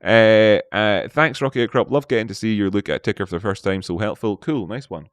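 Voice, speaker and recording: A man's voice: on the low side, fairly quick, no room sound. A man hosting a live market analysis stream, playful, chatting with viewers and talking to himself. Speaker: trading stream host.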